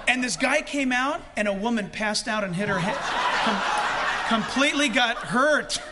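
Guy pastor preaching, real high voice, bouncy pitch, laughs and shouts a lot. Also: unhurried. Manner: animated, shouts quotes, laughs often. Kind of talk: sermon.

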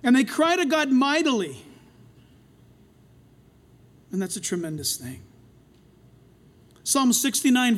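An older man preaching a sermon in an animated way, acting out the voices in the stories he retells. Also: extremely high pitch. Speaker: pastor.

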